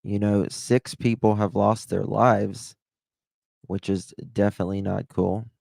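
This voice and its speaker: A Southern man with a clear twang comments casually on a news clip. He talks slowly in a lowish voice and rambles with asides. The sound is close and dry. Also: flat delivery, darkish tone, no room sound. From American South. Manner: rambling, chatty, with restarts and asides. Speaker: true crime commentator.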